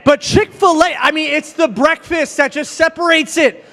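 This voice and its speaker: High-voiced man preaching in a reverberant hall. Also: fairly even intonation, normal speed, sharp tone. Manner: conversational, joking storyteller. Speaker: youth event speaker. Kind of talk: humorous youth sermon.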